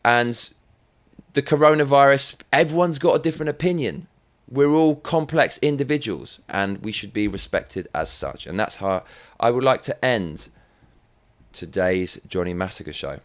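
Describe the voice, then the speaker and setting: A man's voice: mid-range voice, normal speed. An English man hosting his own show, delivering sweary, sarcastic commentary on the week's news. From England. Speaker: show host. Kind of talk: ranting commentary.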